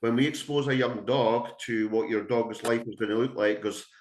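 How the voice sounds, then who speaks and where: A man's voice: mid-range voice, little pitch movement, normal speed. A middle-aged man, a dog trainer giving a blunt, emphatic webinar talk full of anecdotes to dog owners. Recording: echoey room.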